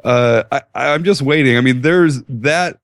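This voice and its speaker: A man chatting casually as co-host of a tech show, wandering through his point with restarts and little laughs. His voice sits at a middling pitch. The sound is dry and close, with no room around it. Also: unhurried, no echo. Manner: rambling, self-correcting, chuckling. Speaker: podcast co-host. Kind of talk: casual chat.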